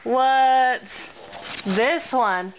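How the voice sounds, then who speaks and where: High-voiced woman coaxing a toddler. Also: drawn-out words. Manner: coaxing, sing-song baby talk. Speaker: parent. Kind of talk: talking with a toddler. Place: home. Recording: muffled home video with noise.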